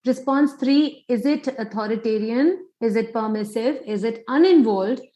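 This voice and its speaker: A woman's voice: fairly high pitch, normal speed, mellow, roomy sound, lo-fi sound. A woman psychologist giving an online parenting workshop, quizzing listeners with many questions.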